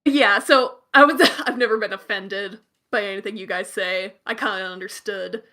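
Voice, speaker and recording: A woman's voice: mid-range voice, normal speed, bright, forceful tone. A young woman co-hosting a podcast in casual chat on her computer mic, laughing a lot as she tells stories. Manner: giggly, laughs often. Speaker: podcast co-host.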